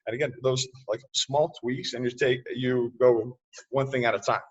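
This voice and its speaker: Husky man on a muffled distant line. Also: medium pitch, fairly even intonation, moderate pace. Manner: loose, restarts often, laughs easily. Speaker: podcast guest. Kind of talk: casual interview talk. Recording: distant, muffled remote audio.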